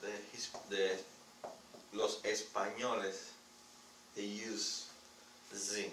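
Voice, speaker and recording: A man, a student joining in with slow, halting remarks. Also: lowish voice, flat delivery, a bit bright, a little hiss or hum. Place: classroom. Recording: echoey classroom from far off.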